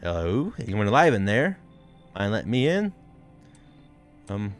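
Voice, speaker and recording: A man's voice: lowish voice, very animated, a little slow, faint music behind. A man voicing a scared, weary old grave digger with a folksy drawl, reading game dialogue aloud. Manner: folksy drawl, dropped words.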